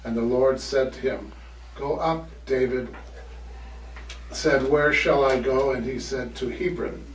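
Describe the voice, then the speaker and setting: A man's voice: medium pitch, fairly even intonation, slow pace, a little hiss or hum. Man reading scripture from across the room. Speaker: class member reading scripture. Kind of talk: reading a Bible passage aloud. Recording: echoey room, distant from the mic.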